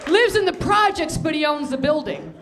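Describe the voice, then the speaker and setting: A woman comedian telling a stand-up story, with laughing asides and shouted punchlines. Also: sits high, sing-song, moderate pace, crowd noise, noisy background.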